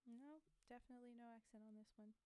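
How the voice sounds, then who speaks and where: A woman's voice: a little high, steady tone, quick pace, warm tone. A woman on a live stream reciting poems aloud through a desk mic, with chatty, self-deprecating asides to her viewers. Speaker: streamer reading poetry. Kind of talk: live-stream poetry reading with casual chat. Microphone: desk mic on a streaming setup.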